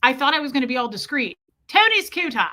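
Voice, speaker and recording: A woman's voice: sits high, sing-song, quick pace, bright, forceful tone. A woman hosting a casual livestream, telling a frank, crude comic story and greeting viewers by name between beats. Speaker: livestream host chatting with viewers.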